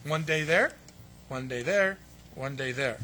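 A man preaching a sermon, telling the story in a lively way and acting out the voices of the people in it. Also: a little high, unhurried, a little hiss or hum. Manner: animated storytelling, acts out voices of biblical figures. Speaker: pastor.

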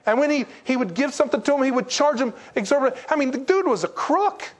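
High-voiced, joking male preacher. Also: fast. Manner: lively and joking, with sudden drops to low, quiet emphasis. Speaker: pastor. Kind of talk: sermon.

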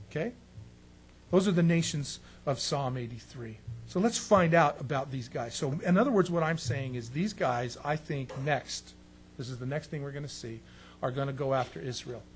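A man preaching a sermon on prophecy, animated and emphatic, with sarcastic asides. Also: on the high side, slight background noise.

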